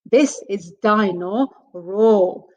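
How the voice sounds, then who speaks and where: A woman's voice: mid-range voice, very slow, poor audio. A woman voicing a friendly male fox shopkeeper in a children's story. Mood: beaming. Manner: beaming salesman.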